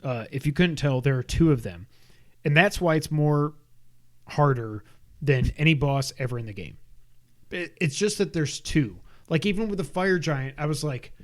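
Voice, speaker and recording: Rambling, animated man chatting about games. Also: a little high, normal speed. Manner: rambling, animated, frequent fillers and restarts. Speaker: podcast co-host. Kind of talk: casual gaming chat.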